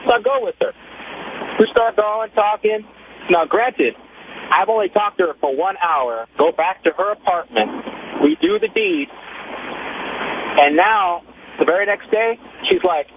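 A man in his twenties calls a radio talk show, telling a boastful story in slangy, casual chat over a tinny phone line with faint hiss. His high-pitched, creaky voice has a sing-song quality, moving at a moderate pace with long pauses.

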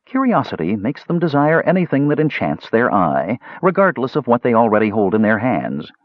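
A man narrating a fantasy audiobook with an expressive, storytelling delivery. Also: medium pitch, moderate pace, no room sound, lo-fi sound.

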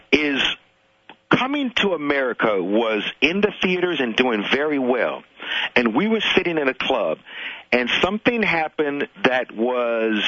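A man's voice: medium pitch, dry recording, muffled recording. A man, a guest comedian, telling stories in a casual radio interview, often repeating words as he gets going. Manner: animated storyteller, repeats words when starting.

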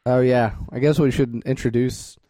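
A man's voice: medium pitch, little pitch movement, moderate pace, mellow, dry recording, studio quality. A young man co-hosting a casual podcast, joking around, laughing often and slipping into goofy voices. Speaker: podcast co-host. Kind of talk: casual chat.

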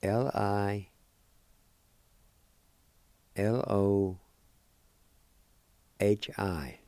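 Gravelly, dark-voiced man, slow syllable-by-syllable pronunciation teacher, dry close sound. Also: on the low side, fairly even intonation, dry recording. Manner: spells and sounds out words slowly, syllable by syllable. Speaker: language teacher and radio host.

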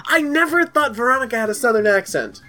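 A woman co-hosts a comedy podcast in loose, rambling chat. Her pitch leaps and dips and she laughs often. Faint music sits under her voice. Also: expressive, quick pace, bright, forceful tone. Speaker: podcast co-host.

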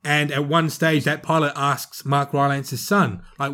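A man co-hosting a film podcast, talking in an animated, rambling way with strong emphasis. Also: medium pitch, moderate pace. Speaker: podcast co-host, film reviewer. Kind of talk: casual chat.

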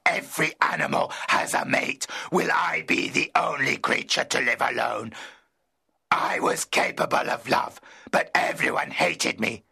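A man voicing a vengeful, lonely male monster in a storybook reading, speaking slowly and menacingly in a half-whispered voice. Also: mid-range voice, sharp tone, voice pushed up, heavily acted. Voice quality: gravelly, raspy, half-whispered. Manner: slow, menacing, commanding.

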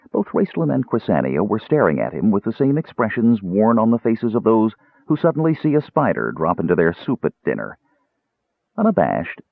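Man narrator, lower-pitched husky voice, wide lively melody, tinny phone-like band. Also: no echo. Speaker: audiobook narrator. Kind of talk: scripted fantasy narration.

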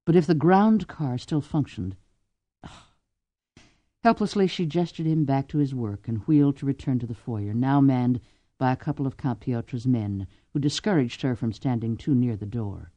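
A woman narrating a novel aloud with expressive, lively storytelling. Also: rumbling low, normal speed, dry recording. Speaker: audiobook narrator. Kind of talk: scripted narration.

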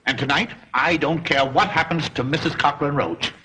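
An actor playing a wry, teasing grown son in an old film comedy. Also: male voice, fairly high pitch, moderate pace, background noise, natural voice. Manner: teasing and wisecracking. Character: wry grown son, a successful professional man.

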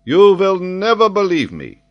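A man voicing an excitable, impetuous French scholar in an audiobook, speaking vehemently and emphatically. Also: sits high, measured pace, highs cut off, voice pushed up, full character voice. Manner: vehement, emphatic, eager to astonish.

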